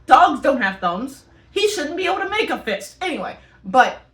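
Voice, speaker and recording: A woman's voice: high-pitched, normal speed, echoey room. A woman co-hosting a casual comedy podcast, ranting with lots of swearing and breaking into laughter. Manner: animated, profane rants that break into laughter. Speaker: podcast co-host.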